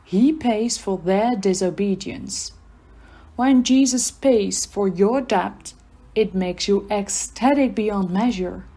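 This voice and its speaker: A woman with a Dutch accent presenting a church podcast, reading a prepared devotional text in an earnest, measured way. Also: medium pitch, dark tone.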